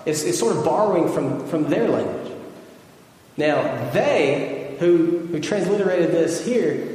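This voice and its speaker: A man's voice: fairly high pitch, expressive, unhurried, a little mellow. A man with a Southern American accent preaching a conversational sermon, teaching and checking in with his listeners. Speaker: pastor. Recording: distant mic in echoey hall.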